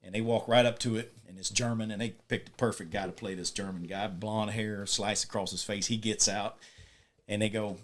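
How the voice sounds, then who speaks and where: A man, a podcast guest, talking casually as he gives an animated retelling of film scenes. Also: on the low side, brisk. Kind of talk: casual storytelling chat.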